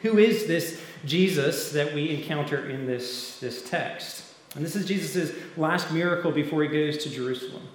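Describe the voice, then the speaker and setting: A man preaching an earnest evening sermon in a church, often dropping to a hush at the ends of phrases. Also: on the high side, normal speed, slight background noise. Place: church sanctuary. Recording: very echoey hall with long reverb.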